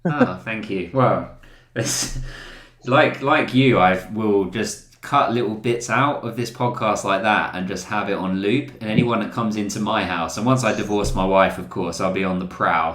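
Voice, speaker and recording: Excitable, jokey male host in a roomy space. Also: lowish voice, moderate pace. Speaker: podcast host. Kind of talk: casual chat.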